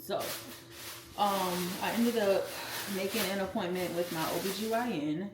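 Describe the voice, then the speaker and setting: A woman's voice: mid-range voice, moderate pace. Chatty young woman cooking in an echoey kitchen. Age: 20s. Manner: chatty, blunt and profane, talks to viewers as y'all. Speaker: vlogger. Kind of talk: casual storytime while cooking. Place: home kitchen. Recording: echoey room with loud background noise.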